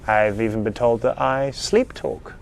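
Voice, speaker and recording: A young British man, an actor, chatting casually in a live fan Q&A, telling stories in an animated, self-amused way with frequent ums and restarts. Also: medium pitch, unhurried, vocal fry. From United Kingdom. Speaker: actor answering fan questions.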